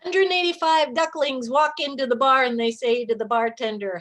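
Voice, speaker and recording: A woman's voice: on the high side, normal speed, few pauses, fairly bright tone. A woman improv performer on a video call, telling joke setups and acting out the punchlines.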